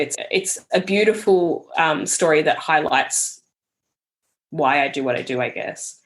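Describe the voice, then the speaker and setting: Young woman, podcast guest; slightly low, earnest, reflective storytelling delivery. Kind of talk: casual conversational interview.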